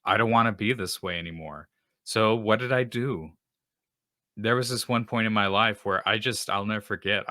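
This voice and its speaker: A man's voice: on the low side, sharp tone, no echo, clean studio sound. A man hosting a Christian podcast, talking earnestly and casually about forgiveness, often restarting his sentences. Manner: earnest and conversational, with frequent restarts. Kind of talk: casual faith talk.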